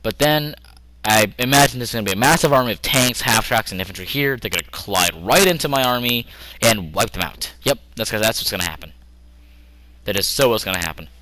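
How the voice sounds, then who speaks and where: A young man plays a strategy game at his computer, giving rambling, joking casual commentary and often talking to himself. His voice is on the low side, animated, bright and forceful, with a slightly fast pace. The recording is low quality, with no room sound.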